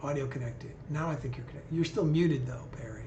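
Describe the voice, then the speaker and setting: A man's voice: fairly high pitch, fairly quick, mellow, highs cut off, slight background noise. A man hosting a live video call with callers, talking in an easygoing, conversational way. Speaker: livestream host. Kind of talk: casual live chat with callers. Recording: echoey room.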